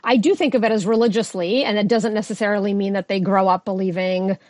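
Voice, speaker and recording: A woman's voice: mid-range voice, fairly even intonation, quick pace, a little mellow, dry recording. Dry-sounding woman sociologist explaining. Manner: explanatory, lecture-like. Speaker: sociologist guest author. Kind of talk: podcast interview answers.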